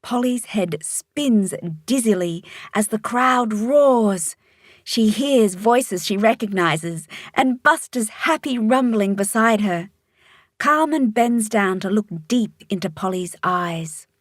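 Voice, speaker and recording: A woman reading a children's storybook aloud, narrating calmly and expressively. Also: mid-range voice, slow, dry recording, studio quality.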